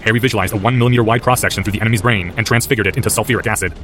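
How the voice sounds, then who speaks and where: A man's voice: fairly low pitch, fairly even intonation, very fast, a bit bright, faint music behind. A man narrating a story aloud as an audiobook, intense and driven. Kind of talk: audiobook narration of fan fiction.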